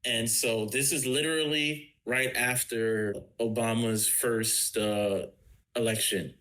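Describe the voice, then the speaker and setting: A man hosting a podcast, chatting casually and telling his own story in a relaxed way. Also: mid-range voice, slow. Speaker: podcast host. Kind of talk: casual chat.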